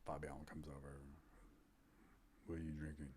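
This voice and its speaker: A man's voice: rumbling low, level tone, brisk, darkish tone, a little hiss or hum. A man in his fifties telling rambling stories as an interview guest, often dropping to a near-whisper when he quotes people. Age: 50s. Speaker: guest, MMA fighter and trainer. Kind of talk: casual interview storytelling.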